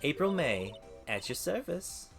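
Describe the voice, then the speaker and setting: A man's voice: on the high side, very animated, measured pace, vocal fry, over music, exaggerated voice. A man putting on a coy, bubbly young woman.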